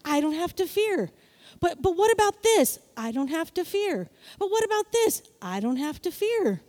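Woman pastor, middle-aged, high voice, lively sermon delivery with acted asides. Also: normal speed. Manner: animated, playful storytelling with acted-out voices.

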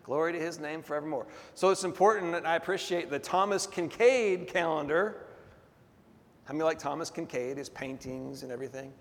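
Male pastor, high voice, emphatic call-and-response sermon, long hall reverb. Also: brisk, a bit bright.

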